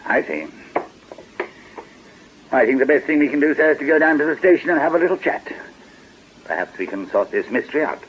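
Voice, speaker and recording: An actor playing a shrewd male detective sergeant in a radio drama, speaking smoothly and unhurriedly with polite mockery. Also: fairly high pitch, animated, a little fast, long pauses, a little hiss or hum, natural voice. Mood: wry. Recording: dull lo-fi archive radio recording.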